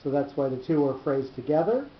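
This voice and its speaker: A man teaching a small class, explaining a text in a measured, halting way and often repeating words as he thinks. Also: on the high side, lively intonation. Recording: roomy, dull lo-fi class recording with faint noise.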